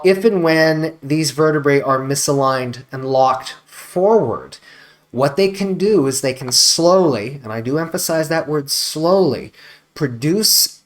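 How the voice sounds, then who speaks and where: A man with an American accent, a chiropractor explaining health topics in a measured, deliberate way, stressing key words. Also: medium pitch. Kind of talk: educational explainer to camera.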